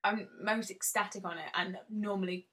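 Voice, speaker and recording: A woman's voice: medium pitch, fairly even intonation, normal speed, a bit bright, a little hiss or hum. A woman, a podcast guest telling self-deprecating stories and giggling often. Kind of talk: casual chat.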